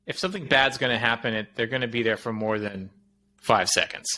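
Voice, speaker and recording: A man co-hosting a tech podcast chats casually, wandering through long, rambling explanations and correcting himself as he goes. His voice is medium-pitched and bright with a forceful tone, and he talks a little fast.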